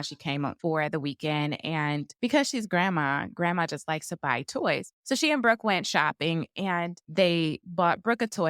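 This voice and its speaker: A woman's voice: low voice, a bit bright, no room sound, studio quality. A woman in her thirties, a physician co-hosting a podcast, chatting in an upbeat way and sounding a little nasal from a cold. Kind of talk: casual podcast chat.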